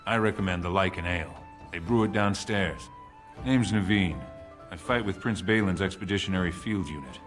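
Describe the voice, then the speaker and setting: A deep, gruff dwarf soldier. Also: male voice, normal speed, a bit bright. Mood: plain, gruff. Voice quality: gruff, matter-of-fact, clipped phrases. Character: weary blunt male dwarf soldier. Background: game music.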